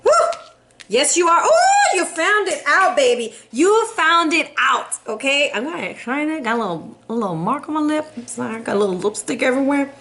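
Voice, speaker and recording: Young woman, high voice, tarot reader, sassy and playful, laughs a lot. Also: big pitch swings, normal speed, fairly bright tone, a little hiss or hum. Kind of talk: casual tarot reading.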